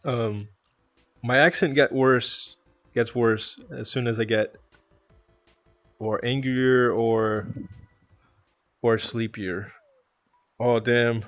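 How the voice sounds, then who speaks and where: Canadian male streamer, chatty and loose, average pitch, close mic in a dead-dry room. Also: steady tone, very slow, long pauses, no room sound, faint music behind. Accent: Canadian (Toronto). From Toronto, Canada. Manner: chatty, rambling, laughs often. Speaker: live streamer. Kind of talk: casual stream chat, reading chat aloud.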